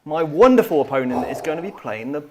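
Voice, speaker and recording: Upbeat male host, casual chat, a bit high-voiced. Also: lively intonation, noisy background. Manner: upbeat, chatty, quick banter. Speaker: host and player.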